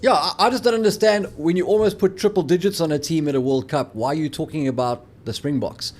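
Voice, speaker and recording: A man's voice: fairly high pitch, fast talker, a little mellow. A man co-hosting a casual sports chat, teasing and joking and often saying "mate". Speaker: podcast co-host.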